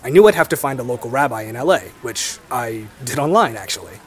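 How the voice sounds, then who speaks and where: Young man, wry and lively. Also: medium pitch, fast, soft background music. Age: young adult. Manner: relaxed, wry, laughs easily. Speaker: interviewee. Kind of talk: conversational interview.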